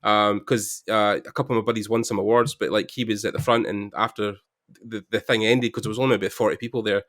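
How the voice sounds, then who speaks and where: A man's voice: lowish voice, fairly even intonation, quick pace, a bit bright. A Scottish man chatting casually on a podcast, rambling with lots of fillers. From Scotland. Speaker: 3D artist guest.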